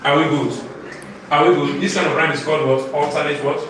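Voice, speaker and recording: A man's voice: on the high side, little pitch movement, fairly quick, background noise. A man teaching literature to a live class, firing questions that end in "what?" for the students to answer. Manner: call-and-response questioning, repeating "what?". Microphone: far from the mic. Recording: echoey room, distant mic, audible class.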